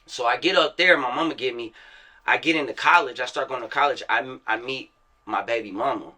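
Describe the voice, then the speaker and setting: Southern rapper guy as interview guest, swears freely, acts out quotes, tense bright tone. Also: mid-range voice, a little fast. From Virginia and Florida, USA. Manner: profane street slang, acts out quotes. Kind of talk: casual storytelling interview.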